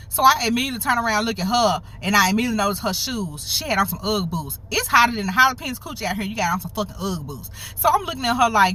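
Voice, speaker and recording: A woman in her thirties telling a storytime vlog in a sassy, profane, animated way. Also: medium pitch, fast, hardly any pauses, a little hiss or hum. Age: 30s.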